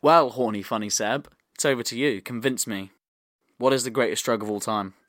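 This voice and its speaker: A man's voice: medium pitch, brisk, a bit bright. A man co-hosting a podcast in casual chat, easygoing and laughing often. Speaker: podcast co-host.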